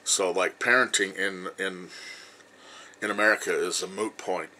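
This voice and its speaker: A vlogger in his fifties, low-voiced with a bright, forceful edge and fairly even intonation, tells his viewers a long personal story at normal speed. He rambles, jumps between topics, fills gaps with "you know," and swears bluntly without hesitation. The audio is poor, with slight background noise.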